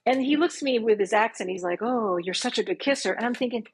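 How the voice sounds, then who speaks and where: A woman in her fifties, a podcast guest telling a dating story in a casual, animated way and acting out what she said back then. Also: a little high, fast talker, slightly rough, poor audio. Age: 50s. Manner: animated, acts out her own past lines.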